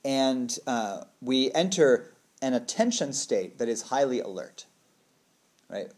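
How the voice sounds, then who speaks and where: A man explaining things as a trauma therapist, casual and conversational, with a middling pitch. He keeps checking in with the listener and slips into playful acted-out voices. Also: slow. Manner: relaxed, conversational, checks in with "right?"; acts out quoted voices playfully.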